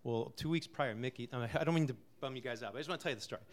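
A middle-aged man from Connecticut introduces a song he wrote, talking softly and haltingly with many fillers. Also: mid-range voice. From Connecticut, USA. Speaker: singer-songwriter introducing a song. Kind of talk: casual spoken intro before a live song.

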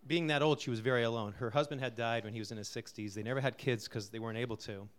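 A middle-aged man from Connecticut introduces a song he wrote, talking softly and haltingly with many fillers. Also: medium pitch, steady tone, smooth. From Connecticut, USA. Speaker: singer-songwriter introducing a song. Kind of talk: casual spoken intro before a live song.

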